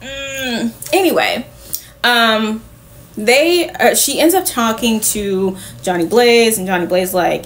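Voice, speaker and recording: Slow-talking woman recapping comics. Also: on the high side, lively intonation, slight background noise. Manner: chatty, frequent "like" fillers, casual swearing; addresses viewers directly. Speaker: comic book reviewer. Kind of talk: casual recap vlog.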